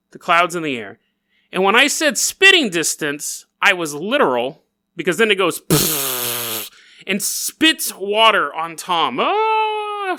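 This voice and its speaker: Lively, playful storytelling podcast host. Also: male voice, high voice. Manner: playful, jokey, quick asides. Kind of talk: casual comedic storytelling.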